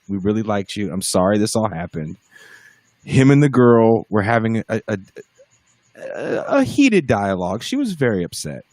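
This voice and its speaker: A man with a mid-range voice, a guest on a podcast and a member of a band, relates a casual tale full of swearing, acting out the voices of those he quotes. His podcast mic comes through a livestream with no echo.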